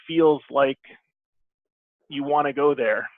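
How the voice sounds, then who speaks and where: A game publisher guest on a casual video call muses aloud in a medium-pitched voice that sounds thin and phone-like, with no echo. He's thoughtful and rambles with many pauses.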